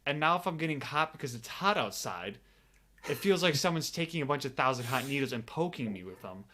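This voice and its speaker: A man co-hosting a podcast, chatting casually, rambling and halting as he explains himself. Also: mid-range voice, animated, sharp tone, a little hiss or hum. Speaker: podcast co-host.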